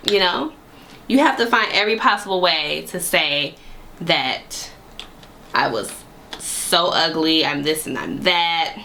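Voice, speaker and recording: A young adult woman vlogger telling a casual storytime, animated and sassy, full of slang and asides to her viewers. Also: lowish voice, slight background noise. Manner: animated, sassy, slangy retelling with frequent laughs.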